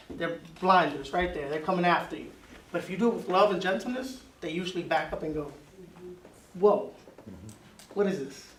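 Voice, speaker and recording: High-voiced man teaching a Bible class. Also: a bit bright, echoey room, distant mic, slight background noise, low-quality recording. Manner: emphatic, repeats key words.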